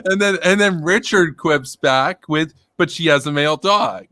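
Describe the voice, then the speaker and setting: Bright, dry-voiced laughing man. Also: fairly high pitch, normal speed, no echo. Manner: laughing, rambling storytelling. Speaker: political commentary streamer. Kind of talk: casual chat on stream.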